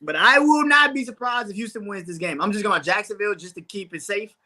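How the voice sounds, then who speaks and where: A man's voice: high-pitched, fast, pushed and bright. A man co-hosting a casual sports show, laughing often and swearing freely about the matchups. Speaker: podcast co-host.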